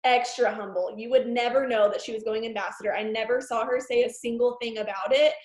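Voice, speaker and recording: A woman's voice: fairly high pitch, fairly quick, reverberant. Bubbly woman hosting a video call. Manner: bubbly and excitable, gushing praise. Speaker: host of a team video call. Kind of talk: enthusiastic introduction on a video call.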